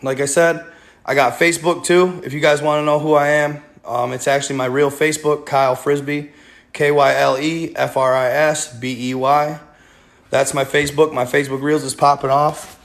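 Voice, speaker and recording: Man, livestream host, casual rambling chat, gravelly voice, fillers. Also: a little high, little pitch movement, moderate pace. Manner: rambling, many fillers, addresses viewers as you guys.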